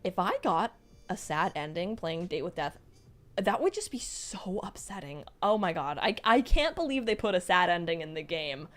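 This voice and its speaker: A young woman streaming live, reading out chat messages and reacting in a bubbly, excitable way. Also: lowish voice, normal speed, soft background music.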